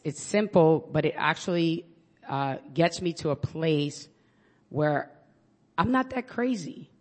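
Halting New York woman sharing. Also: low voice. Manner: halting and earnest, many restarts and fillers. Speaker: public defender sharing at a recovery meeting. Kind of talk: personal share at a support group meeting.

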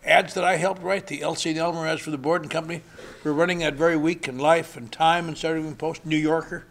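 Gravelly older man telling wry stories. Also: on the high side, steady tone, quick pace, a bit bright. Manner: wry storytelling, dry humor. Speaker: speaker sharing his story. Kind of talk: recovery meeting talk. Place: convention hall.

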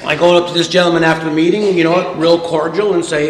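High-voiced wisecracking man in a roomy hall. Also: fairly quick, few pauses. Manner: wisecracking, tough-guy storytelling, acts out quotes. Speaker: speaker at a recovery meeting. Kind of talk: humorous personal recovery story. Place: meeting room with a live audience.

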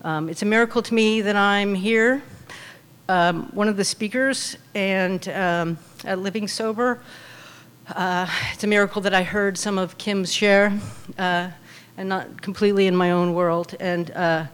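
A middle-aged woman, nervous about public speaking, sharing her recovery story with many pauses, ums and uhs. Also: medium pitch, steady tone, clean tone. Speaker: meeting speaker. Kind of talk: personal recovery share.

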